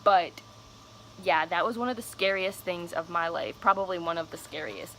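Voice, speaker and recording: A woman's voice: lowish voice, normal speed, a bit bright, slight background noise, low-quality recording. A young woman telling a personal story on her vlog, casual, candid and cursing freely. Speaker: vlogger.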